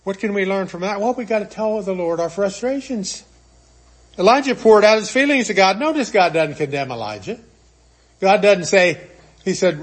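A man's voice: high voice, lively intonation, normal speed. A man preaching a sermon, earnestly retelling a scripture story and acting out its quotes.

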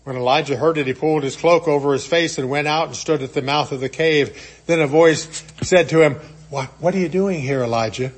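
A man's voice: on the high side, fairly even intonation, a little fast. A man preaching a sermon, earnestly retelling a scripture story and acting out its quotes.

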